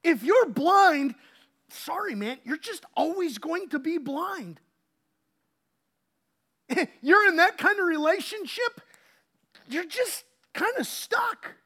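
Pastor in church, male, high and highly varied pitch, animated delivery that drops to hushed asides. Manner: animated, swinging between loud emphasis and hushed asides. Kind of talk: sermon.

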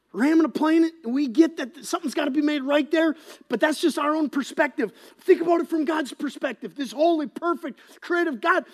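A pastor preaching an impassioned sermon, swinging between loud emphasis and hushed, whispered passages. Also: high voice.

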